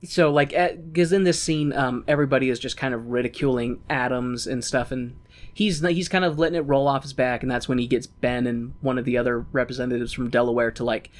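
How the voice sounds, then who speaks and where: A man's voice: mid-range voice, steady tone, a little fast. A young man co-hosting a podcast, recapping a musical in casual chat, laughing often and acting out the characters in silly voices. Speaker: podcast co-host.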